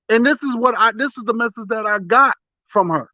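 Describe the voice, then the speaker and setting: A man's voice: very high-pitched, fairly quick, pushed and bright, dry recording, dull audio. A man giving impassioned political commentary as a talk radio panelist, emphatic and indignant, stumbling over repeated words.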